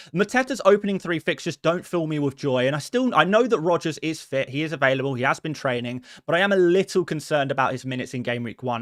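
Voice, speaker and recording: A man hosting a live stream, chatting casually as he answers viewer questions, self-deprecating and quick to laugh. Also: on the high side, a bit bright, dry recording, clean studio sound. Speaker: fantasy football streamer.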